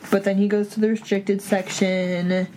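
A woman co-hosting a podcast, recapping a book in casual chat, retelling scenes with quick quoted voices and laughing often. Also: mid-range voice, level tone, darkish tone, a little hiss or hum. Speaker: podcast co-host.

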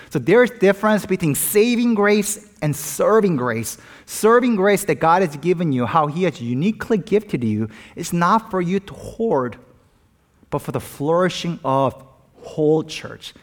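A man pastor preaching a sermon in an earnest, animated way, mixing in personal anecdotes. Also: fairly high pitch.

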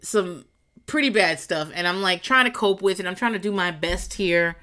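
Solo podcast host, woman, bright tone, rambling and profane, quick to laugh. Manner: rambling, profane, laughs often, jumps to squealing high voices for quotes. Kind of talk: casual solo podcast rant. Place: garage.

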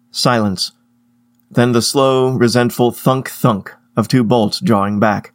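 A man reading a first-person story aloud as narrator, in a measured, wry storytelling manner. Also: lowish voice, steady tone, no room sound, clean studio sound.

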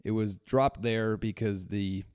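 A man's voice: on the low side, steady tone, a little slow, a little mellow, clear, resonant tone, dry recording, clean studio sound. A man co-hosting a podcast, telling a story in casual chat, rambling with restarts and frequent laughter. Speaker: podcast co-host.

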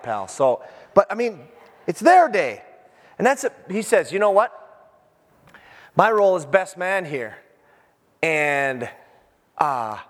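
Man pastor, fairly high voice, lively storytelling sermon, long church reverb. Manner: animated, joking, acts out scenes. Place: church sanctuary.

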